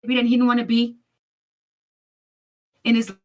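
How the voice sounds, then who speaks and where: A woman's voice: fairly high pitch, completely flat delivery, a little slow, a little mellow. A woman in a casual vlog, emphatically telling a family story, acting out other people's lines and addressing viewers as y'all. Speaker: storyteller in her own video.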